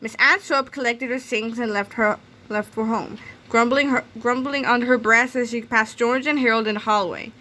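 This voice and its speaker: A woman reading a children's chapter book aloud in a lively storytelling manner. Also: fairly high pitch, normal speed. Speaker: read-aloud narrator.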